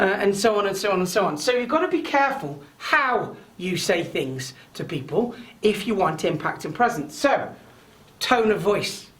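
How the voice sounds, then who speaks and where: A man leading an online training webinar, loud and chatty, often checking in with tag questions. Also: fairly high pitch. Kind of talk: live online training talk.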